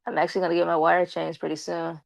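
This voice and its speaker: Young woman on a live stream, slight lisp from braces, low gravelly voice, dry close sound. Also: level tone, fast talker, no echo. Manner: chatty, slangy, addresses viewers directly. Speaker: live streamer talking to chat. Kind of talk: casual live-stream chat.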